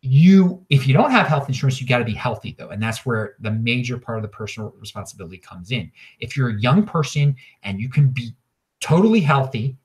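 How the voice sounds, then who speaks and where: A man at a middle pitch talks alone on his own show. His monologue is opinionated and rambling. He keeps restarting sentences and repeating words as he goes. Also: lively intonation, a little fast. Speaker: podcast host. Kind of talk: casual solo monologue.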